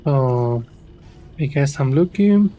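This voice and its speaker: A man whose native language is Spanish, giving casual gameplay commentary and reading game lines aloud haltingly, with a Spanish-speaking accent. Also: mid-range voice, lively intonation, dark tone, faint music behind. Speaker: gamer streamer.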